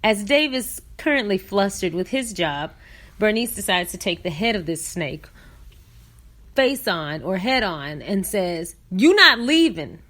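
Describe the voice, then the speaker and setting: A woman with an ordinary middle-pitched voice hosts a podcast, narrating a funny clip. She tells it with lively comic energy and keeps breaking into laughter. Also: a little slow. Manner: animated, laughing storyteller. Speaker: podcast host. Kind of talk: comedic story recap.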